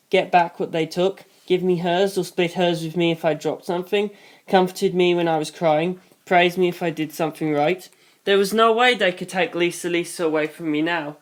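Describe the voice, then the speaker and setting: A reader narrating a novel in first person, brisk with wry asides. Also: mid-range voice.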